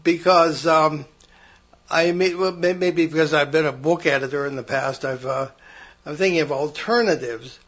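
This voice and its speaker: A man hosting an interview, asking measured, probing questions with hesitant fillers. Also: on the high side, a bit bright, lo-fi sound. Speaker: host. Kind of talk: interview conversation.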